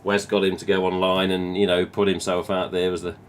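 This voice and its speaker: A lowish-voiced man with an English Midlands accent rambles through a casual live stream from home. He reads out viewer comments, swears freely, and keeps drifting between topics. Faint room hiss sits behind his voice. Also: level tone, fairly quick. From England.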